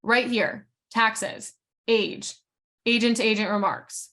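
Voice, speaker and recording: A woman's voice: fairly high pitch, sharp tone. New woman running an agent training call, blunt, lots of likes and restarts. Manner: frank, talks fast with many fillers and restarts. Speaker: real estate coach. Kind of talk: casual training session.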